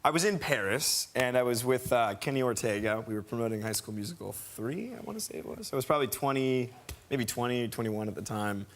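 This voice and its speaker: A man in his thirties, a guest on a television talk show, telling an excited, rambling story with many restarts. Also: medium pitch, fairly quick. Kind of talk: casual anecdote. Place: television studio.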